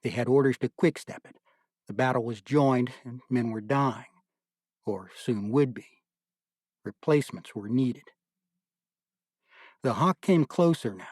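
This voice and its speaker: A man narrating an audiobook in a measured, deliberate storytelling manner. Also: mid-range voice, darkish tone, no room sound, clean studio sound.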